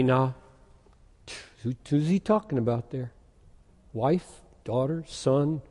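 A man's voice: medium pitch, takes it slowly, pauses often, dark tone. A man preaching a sermon, asking rhetorical questions and reading scripture aloud with rising, emphatic force. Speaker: pastor. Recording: long hall reverb.

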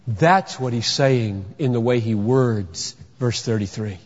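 A man preaching a sermon with emphatic delivery, firing off rhetorical questions and sometimes shouting for effect. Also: mid-range voice, lively intonation, moderate pace, few pauses. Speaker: pastor. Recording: dull sound with long hall reverb.

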